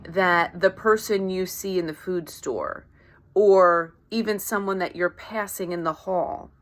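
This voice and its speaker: Speaking at a measured pace in a lowish voice, a female life coach gives a relaxed motivational monologue. She regularly asks "right?" and slips into quoted voices to act out ordinary exchanges.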